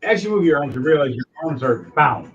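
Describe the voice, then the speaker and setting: A man's voice: fairly high pitch, expressive, fairly quick. Man running a tabletop game. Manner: loose, rambling descriptions. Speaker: game master. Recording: dull lo-fi audio, faint music.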